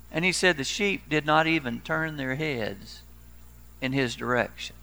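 A man's voice: a little high, unhurried, gravelly, sharp tone. A man in his sixties, a pastor preaching a sermon in a folksy storytelling way with dry humor.

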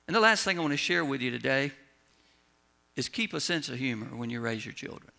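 A man's voice: medium pitch, lively intonation, brisk, gravelly, pushed and bright. A man preaching a sermon as a pastor, telling folksy stories and letting his voice drop at the ends of lines.

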